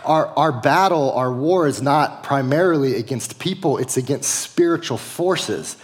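A man's voice: medium pitch, a little slow, in a large hall. A middle-aged man preaching a sermon as a pastor, conversational, with frequent casual fillers.

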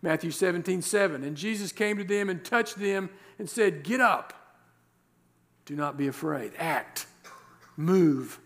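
A male pastor preaching a sermon, reading scripture verses and explaining them with rhetorical questions and slowed, stressed words. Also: high-pitched, animated. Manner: emphatic, slows down to stress key words.

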